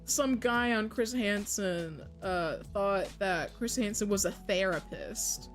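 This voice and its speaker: A woman co-hosting a podcast in casual chat, swearing freely, laughing often and mocking people in quick put-on quotes. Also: medium pitch, faint music behind. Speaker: podcast co-host.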